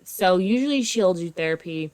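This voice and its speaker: Chatty, expressive woman podcast co-host. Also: on the low side, normal speed. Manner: chatty, expressive, swearing freely, swings from loud to quiet. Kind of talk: casual chat.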